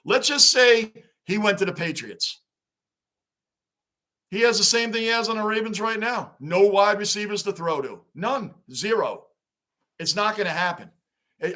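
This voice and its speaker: A man's voice: high voice, pushed and bright. A man hosting a sports livestream, chatting casually and animatedly with viewers by name. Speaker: livestream host.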